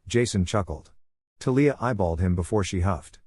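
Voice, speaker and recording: A man's voice: low-pitched, moderate pace, a little mellow, slightly rough, no echo, clean studio sound. A man reading fan fiction aloud, narrating and voicing the dialogue with little character acting. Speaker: fanfiction reader.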